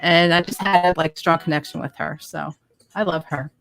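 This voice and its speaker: A woman's voice: deep voice, steady tone, moderate pace, creaky, fairly bright tone, soft background music. A woman co-hosting a casual chat, a medium talking earnestly and encouragingly. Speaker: co-host medium.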